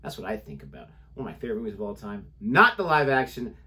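A man's voice: lowish voice, huge pitch swings, fast, sharp tone. A man co-hosting a reaction video in casual chat, teasing his co-host with playful asides.

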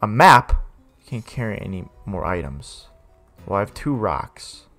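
A young man plays a horror game and talks it through in a lowish voice that jumps wildly up and down. He mutters quietly to himself, then yells when something startles him. Faint music plays behind him. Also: animated, moderate pace, creaky. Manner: jumpy, swings from muttering to yelling. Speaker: gaming streamer.

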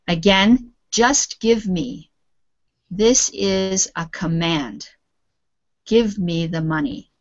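A woman teaching an English lesson over a video call, patiently explaining words and modelling pronunciation. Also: mid-range voice. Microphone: computer mic on a video call. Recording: dull lo-fi call audio.

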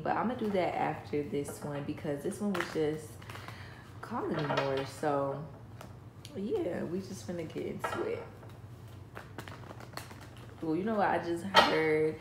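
Low-voiced woman chatting through a tarot reading. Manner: chatty, enthusiastic, talks straight to viewers. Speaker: tarot reader. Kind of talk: casual tarot reading to viewers. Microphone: voice-over, face not shown. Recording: echoey room with clicking noise.

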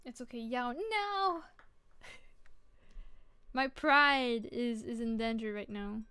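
A woman's voice: fairly high pitch, steady tone, unhurried, bright, forceful tone, smooth. A woman streaming her art and chatting casually with her viewers while she draws. She sounds sleepy and keeps fighting off yawns, but stays bubbly and playful. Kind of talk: casual chat while drawing.

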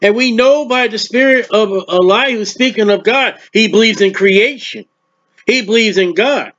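Man preaching, high voice, plain and emphatic, muffled lo-fi sound. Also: moderate pace, a bit bright. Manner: plain-spoken, emphatic, reading and explaining scripture verse by verse. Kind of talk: sermon.

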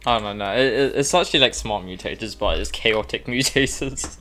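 A man hosting a casual gaming session with friends, excitable and shouting instructions. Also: on the low side, brisk. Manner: excitable, yells at teammates. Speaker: host.

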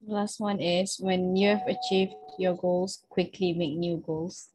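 A young adult woman student reading a short tip aloud in class, slowly, from a page. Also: fairly low pitch, steady tone, a little mellow, slight background noise, low-quality recording.

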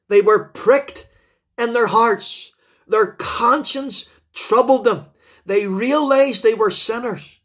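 Fervent high-voiced Northern Irish preacher. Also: male voice. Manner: fervent, repetitive appeals to the listener. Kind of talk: evangelistic sermon.

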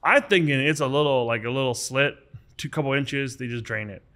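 A man's voice: mid-range voice, brisk. A man from the United States talks as a guest on a podcast. He tells his story casually and with energy. He restarts his sentences often and acts out what other people said. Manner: animated, acts out quoted dialogue, many restarts.

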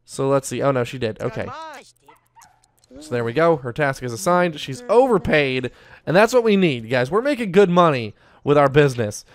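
A man's voice: mid-range voice, lively intonation, moderate pace. A young man giving casual, upbeat Let's Play commentary as he plays, often talking to his viewers directly. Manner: chatty, upbeat, talks to viewers as "you guys". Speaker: gaming YouTuber.

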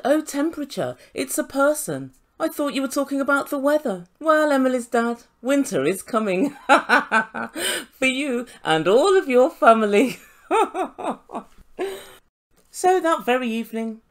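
A woman recapping a reality show in a sarcastic, mocking way, laughing often. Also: a little high. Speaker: YouTube reality TV reviewer.

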